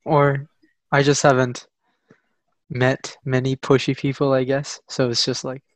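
A teenager co-hosting a casual podcast, hesitant at times and teasing in a deadpan way. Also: mid-range voice, a little slow, dry recording, poor audio. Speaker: podcast co-host. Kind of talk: casual chat among friends.

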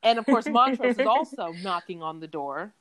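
A woman co-hosting a casual chat, animated, often acting out characters' lines as she retells scenes. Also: a little high, normal speed, crowd noise. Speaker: podcast co-host.

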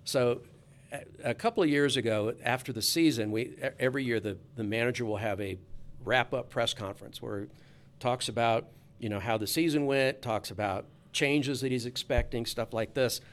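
A man's voice: medium pitch, moderate pace. A man, a sports reporter, telling a casual anecdote in a chatty, easygoing way with frequent restarts.

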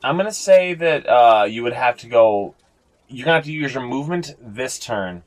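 A man's voice: medium pitch, lively intonation, moderate pace. A man acting as game master, narrating a tabletop game casually with lots of fillers and casual swearing.

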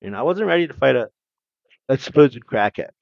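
A laid-back man co-hosting a comedy podcast, slipping in short deadpan quips. His pitch is mid-range. The sound is dry and slightly dull. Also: brisk, creaky, no room sound. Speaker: podcast co-host. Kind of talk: casual comedy podcast banter.

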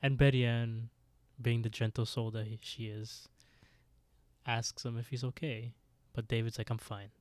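A man's voice: flat delivery, measured pace, no room sound. A man co-hosting a podcast, recapping an episode in casual chat and laughing often. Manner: laughs often, quotes characters in high mocking voices. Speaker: podcast co-host.

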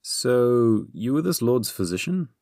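A man's voice: fairly low pitch, expressive, moderate pace, creaky, darkish tone, dry recording, studio quality, voice pushed up. A man voicing a cheeky, chatty young hero with a scheming streak in a storybook reading. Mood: breezy. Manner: chatty, upbeat.

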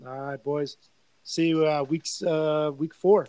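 Man, podcast host, higher voice, profane, animated storyteller. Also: slow pace, smooth, no room sound, rough recording. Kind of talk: casual sports podcast chat.

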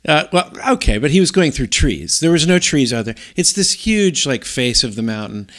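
A middle-aged man co-hosting a podcast, telling a long story in a rambling, animated way with many restarts. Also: medium pitch, normal speed. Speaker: podcast co-host. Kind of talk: casual storytelling chat.

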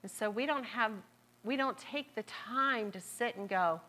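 A woman's voice: a little high, unhurried, sharp tone. A woman with a Southern accent preaching a sermon, repeating phrases and stretching out key words for emphasis.

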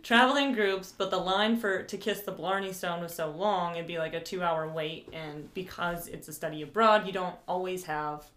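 A young woman with a slightly low voice chats loosely as a podcast guest. She rambles, piles on fillers and keeps breaking into giggles. The room around her rings with echo. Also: steady tone, normal speed, few pauses, fairly bright tone. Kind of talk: casual chat.

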